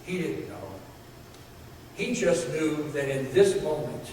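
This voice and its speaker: A man's voice: fairly high pitch, slow pace, darkish tone, a little hiss or hum. A man preaching a sermon in a church, earnest, building emphasis with repeated phrases. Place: church sanctuary. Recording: echoey hall from far off.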